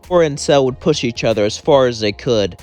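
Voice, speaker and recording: A man's voice: mid-range voice, quick pace, darkish tone. A man narrating a fan-fiction story in a casual, conversational way. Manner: conversational, plain. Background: faint music.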